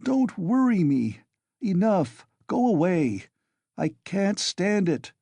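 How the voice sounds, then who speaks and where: A man voicing a feverish, irritable young male student who snaps out his words, pitched above his own voice. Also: big pitch swings, a little slow, darkish tone, no echo, heavily acted. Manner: agitated, snapping.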